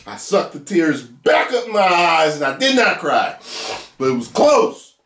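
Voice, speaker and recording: Animated man reviewing a show, echoey room. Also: a little high, unhurried, a little hiss or hum. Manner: animated, laughs often, bursts into whoops. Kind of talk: casual video review.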